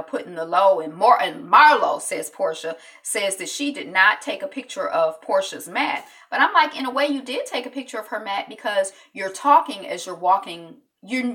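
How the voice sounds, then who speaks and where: Chatty female recap host, bright and sharp tone, talking a little off-mic, rambling with fillers. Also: medium pitch, recorded from a distance. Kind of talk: casual chat recapping an episode.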